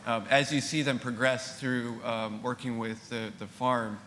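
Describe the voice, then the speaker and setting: A man, a farmer in the audience, asking a panelist a hesitant question full of pauses and restarts. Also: medium pitch, level tone, sharp tone. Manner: hesitant, many ums and restarts. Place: conference hall. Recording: reverberant hall with faint room noise.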